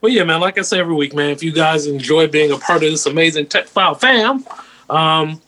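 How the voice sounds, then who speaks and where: A man co-hosting a podcast with casual, playful banter, slangy and quick to laugh. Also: on the high side, fairly even intonation, pushed and bright. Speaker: podcast co-host.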